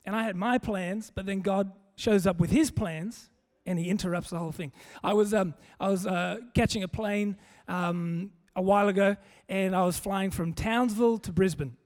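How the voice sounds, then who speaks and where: A man preaching a sermon, telling a funny story in a relaxed, conversational way. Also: sits high, moderate pace. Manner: conversational, humorous, animated storytelling. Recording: long hall reverb.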